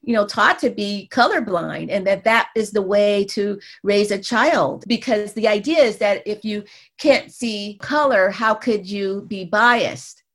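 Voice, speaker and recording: A woman's voice: medium pitch, unhurried, fairly bright tone. A woman researcher and mother, a guest in an interview, explaining at length and often checking in with "right?" and "you know".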